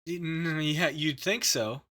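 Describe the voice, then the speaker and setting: A man co-hosting a podcast in a loose, casual chat. His voice is bright and forceful, and his speech is halting, with plenty of fillers and restarts. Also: on the high side. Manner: halting, filler-heavy, laughs often. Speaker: podcast host.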